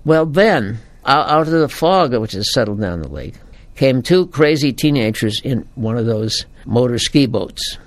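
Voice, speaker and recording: A priest telling a folksy story as a homily, his voice gravelly and full of swooping rises and falls. He keeps it informal and animated. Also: mid-range voice, a little slow.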